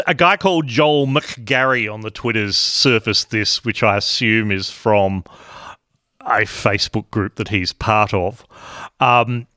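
A man's voice: medium pitch, pushed and bright. A male podcast host in casual conversation, wry and playful, reading out posts aloud.

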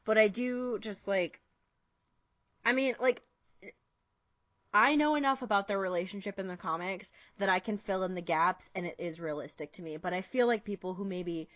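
A young woman in casual fan chat, talking quickly and giggling between thoughts. Her voice sits in a middling range, sounds dry and close, and has a slightly dull, lo-fi tone. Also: mid-range voice, a bit bright, no echo. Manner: giggly, quick, gushing fan talk with many fillers.

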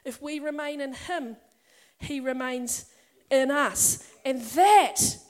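A middle-aged woman preaching to a congregation, talking in a conversational, personal way and building to emphatic passages. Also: high voice. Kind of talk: sermon. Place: church or meeting hall with a congregation.

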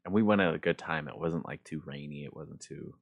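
Very deep-voiced man chatting casually. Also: fairly quick, gravelly, highs cut off. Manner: rambling storyteller, laughs often. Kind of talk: casual chat.

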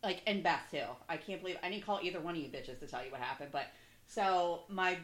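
A woman in her thirties telling a story in casual chat, animated and profane, acting out the people in it. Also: on the low side, brisk, echoey room. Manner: animated, profane, acts out voices in her stories.

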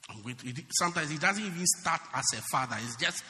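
A man preaching a sermon in a church, animated and teasing, often shouting and then dropping low. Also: quick pace. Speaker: pastor. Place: church hall. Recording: long hall reverb.

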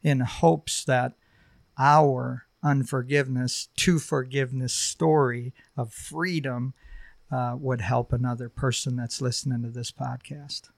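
A middle-aged man sharing a personal testimony on a podcast, halting and heartfelt, with many fillers. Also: medium pitch, fairly even intonation, creaky, no echo. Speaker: podcast guest.

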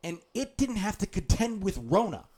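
A man co-hosting a comedy podcast, talking in a steady, laid-back way as he brings up topics. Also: high voice, moderate pace, slightly rough. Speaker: podcast co-host. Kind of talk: casual comedy podcast chat.

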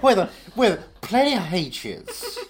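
A man putting on a fake Southern accent as a pompous Southern gentleman, with an English accent slipping through. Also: high-pitched, big pitch swings, slow pace, pitched above the performer's own voice, full character voice. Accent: fake American Southern.

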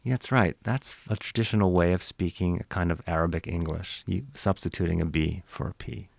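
A man's voice: sits low, brisk, creaky, no room sound. A man who is an accent archive expert, explaining in an interview in a lecturing manner.

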